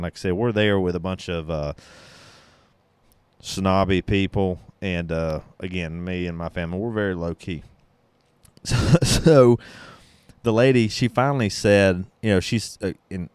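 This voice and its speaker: Deep-voiced man telling a story. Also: fairly even intonation, normal speed, a little mellow, clean tone, dry recording. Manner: blunt, swears freely, rambling with restarts; sips beer while talking. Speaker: podcast host. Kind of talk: casual storytelling.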